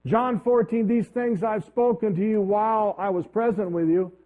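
A man preaching a sermon, telling a personal story in a conversational, halting way. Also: high-pitched. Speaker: pastor. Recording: tinny phone-like lo-fi audio.

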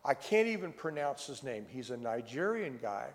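A male preacher with a gravelly, fry-laced voice delivers a fervent sermon, acting out the conversations in the stories he tells. His voice rings through a church hall with a long, lingering reverb. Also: mid-range voice, very animated, moderate pace. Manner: fervent storytelling, acting out dialogue.

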